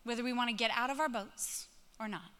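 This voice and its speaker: A woman in her thirties preaching a sermon, telling a family story and acting out the dialogue in an animated way. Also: fairly high pitch, fairly quick, smooth. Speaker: pastor. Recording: long reverb of a large hall.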